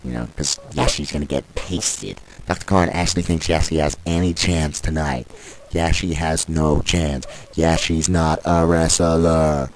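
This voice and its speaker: A man's voice: a bass voice, steady tone, a little slow, a little hiss or hum, low-quality recording. A man commentating on wrestling in a sarcastic, exasperated and crude way.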